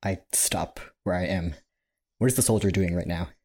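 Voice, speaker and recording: Man, tabletop game player, very deep voice, husky, hesitant, self-correcting. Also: moderate pace, darkish tone.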